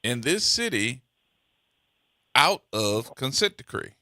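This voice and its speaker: A man hosting talk radio, colloquial and excitable in his commentary. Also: mid-range voice, slow, dry recording, clean studio sound. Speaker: radio talk show host. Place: radio studio.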